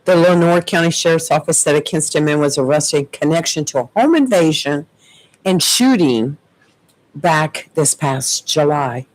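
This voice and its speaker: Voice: medium pitch, normal speed, rough recording. A radio co-host reading the weather and local news and chatting with the host. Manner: chatty, amused storyteller.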